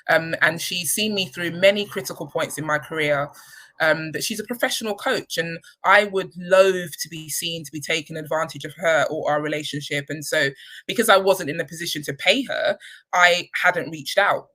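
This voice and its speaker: A woman speaks candidly and reflectively about her work, her speech sprinkled with pauses and ums. Her voice sits a little low yet sounds bright and clear. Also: rough recording. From United Kingdom. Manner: candid and reflective, many ums, emotional at times. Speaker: charity chief executive. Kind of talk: personal reflective talk.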